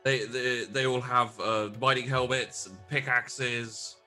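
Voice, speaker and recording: A man's voice: mid-range voice, fairly even intonation, slow, bright, forceful tone, soft background music. A man running a tabletop game as game master, describing scenes with many stops and restarts.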